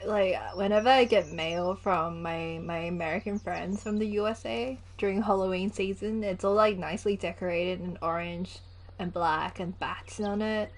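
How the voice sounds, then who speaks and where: A woman's voice: medium pitch, moderate pace. A young woman, chatting casually and giggling as she livestreams a game. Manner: chatty, giggly, animated storytelling. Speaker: gaming livestreamer. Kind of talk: casual chat while gaming.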